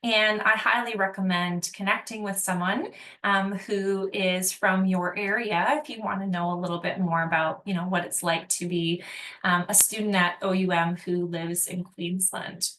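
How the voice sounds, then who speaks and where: Bright-voiced woman hosting a webinar Q&A. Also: mid-range voice, steady tone, normal speed, roomy sound, slight background noise. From not from Australia. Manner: friendly, explanatory, many "um" fillers. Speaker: associate dean hosting a Q&A. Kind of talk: live webinar Q&A.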